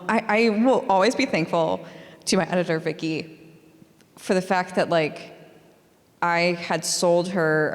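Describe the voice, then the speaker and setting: A talkative author rattles through her answers, laughing often and leaning on fillers. Her voice sits a touch low. The sound rings with the long reverb of a large library hall. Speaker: author guest. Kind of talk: live interview conversation. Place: library hall before a live audience.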